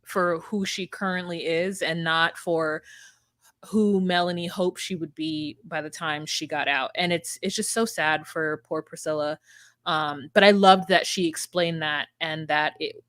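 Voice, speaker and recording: A woman co-hosting a podcast, retelling and reacting in casual chat, emphatic and animated, with frequent fillers. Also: deep voice, unhurried, no echo, studio quality.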